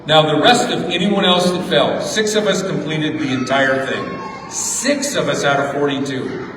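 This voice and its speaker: Heard from a distance in an echoey hall with a noisy background, a middle-aged man delivers a motivational graduation address. His voice is fairly high and his pace measured as he tells a story, repeating words to drive points home.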